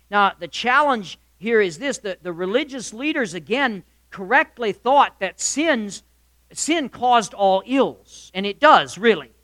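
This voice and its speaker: Male pastor, high bright voice, dry close sound. Emphatic sermon delivery that swings loud to quiet, full of rhetorical questions to the room. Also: dry recording. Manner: addresses listeners directly, asks rhetorical questions. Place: church or hall with live congregation.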